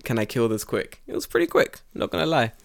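A man's voice: medium pitch, huge pitch swings, fast, gravelly. Profane man telling a story. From England. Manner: profane, storytelling, acts out quoted voices. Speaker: podcast co-host. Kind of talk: casual chat.

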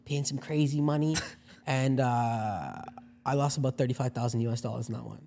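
A young man in his twenties co-hosting a podcast, telling stories fast and laughing, with lots of restarts. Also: mid-range voice, creaky, warm tone. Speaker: podcast co-host. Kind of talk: casual podcast chat.

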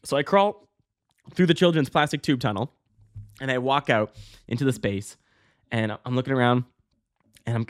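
Male podcast host, mid-pitched, rambling casual storyteller, swears freely, yelps high when acting out scenes. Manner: rambling, many fillers and restarts, swearing.

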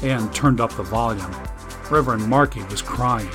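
A man narrating a novel in a measured storytelling manner. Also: mid-range voice, fairly bright tone, soft background music. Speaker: audiobook narrator. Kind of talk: scripted narration.

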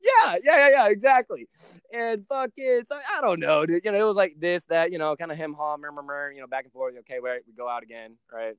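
A man's voice: on the high side, expressive, fairly quick, a bit bright, smooth, no room sound. A young man hosting a podcast, telling a brash story in casual chat, swearing constantly and calling his friend bro and dude. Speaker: podcast host.

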